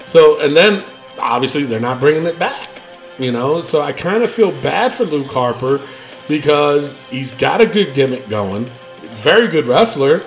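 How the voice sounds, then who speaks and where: Animated high-voiced wrestling podcast host. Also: male voice, moderate pace, faint music behind. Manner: animated, rambling, swears freely. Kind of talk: casual wrestling chat.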